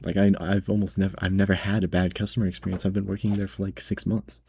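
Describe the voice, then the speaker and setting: A man's voice: low voice, level tone, fast talker, vocal fry, warm tone, a little hiss or hum. A man who works as a grocery cashier tells a story in a casual vlog, rambling with lots of "like" and "right?" and sounding nervous and indignant.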